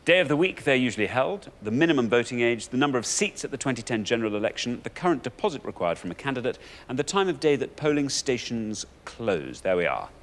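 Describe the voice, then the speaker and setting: A man's voice: medium pitch, sing-song, fast talker, hardly any pauses. A man hosting a TV quiz show, reading out answers and bantering playfully with his co-host. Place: TV studio.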